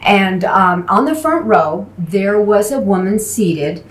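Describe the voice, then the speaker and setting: A woman preacher tells her stories with lively animation, racing through some lines and slowing right down on the ones that matter. Her voice sits at an everyday middle pitch. The sound rings with the echo of a roomy chapel. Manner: animated storyteller, shifting between quick and slow emphatic delivery. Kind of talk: storytelling sermon. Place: mission chapel.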